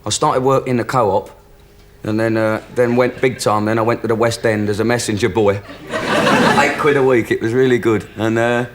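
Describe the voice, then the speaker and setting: A man's voice: mid-range voice, steady tone, moderate pace. Jokey self-deprecating comedian man. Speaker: comedian guest. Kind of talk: chat-show anecdotes. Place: television studio. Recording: hissy 1980s television broadcast.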